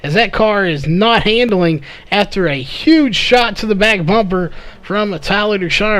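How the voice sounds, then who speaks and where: A man calling a live race play-by-play, slightly hoarse from losing his voice, with frequent "uh" fillers. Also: high voice, a bit bright. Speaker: race commentator.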